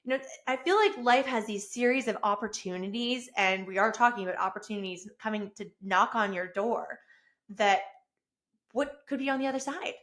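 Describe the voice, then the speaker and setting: A woman's voice: medium pitch, moderate pace. A woman in her thirties hosting her own podcast, talking casually and enthusiastically. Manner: enthusiastic, effusive, rising to excited bursts. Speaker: podcast host. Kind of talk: casual solo podcast monologue. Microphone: self-recorded with camera.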